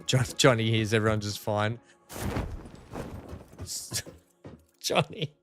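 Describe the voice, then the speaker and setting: Speaking slowly with frequent pauses, an Australian man with a fairly low, fairly bright voice hosts a multiplayer game stream. He chats casually, questions his teammates a lot, and laughs easily while faint music plays.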